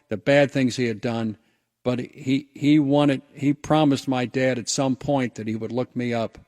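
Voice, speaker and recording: A man hosts a radio show and tells a personal story in an earnest, reflective manner, stumbling and restarting as he goes. His voice sits at an ordinary middle pitch. The studio sound is dry and close. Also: darkish tone, dry recording. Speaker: radio host.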